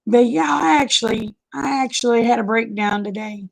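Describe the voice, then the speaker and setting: A woman's voice: a little high, normal speed, creaky, rough recording. A woman chatting casually on a live stream, folksy and drawling, greeting viewers by name.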